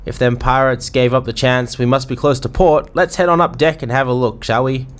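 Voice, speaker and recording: A man reading aloud the lines of a gruff male ship's crewman in a game, using folksy sailor slang and now and then stumbling over words. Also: mid-range voice, fairly even intonation, brisk, lightly acted. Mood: relieved.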